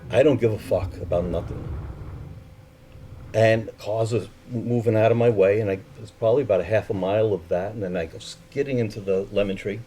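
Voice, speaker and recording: A man's voice: lowish voice, a little fast, dark tone, slight background noise. A man telling a personal story in a candid, profane way, acting out the voices of the people in it.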